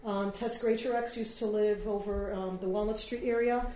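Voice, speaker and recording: A woman's voice: mid-range voice, steady tone, moderate pace, warm tone. A woman giving an informal workshop talk to a small group, chatty and rambling with frequent fillers. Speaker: workshop presenter. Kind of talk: informal talk on free online tools. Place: room with an audience. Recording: echoey room, slight noise.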